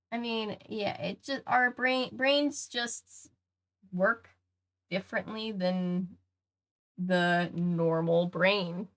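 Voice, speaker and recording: A young woman reading a kids' mystery book aloud, breaking off for chatty, jokey asides. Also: lowish voice. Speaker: channel host. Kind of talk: casual reading aloud with commentary.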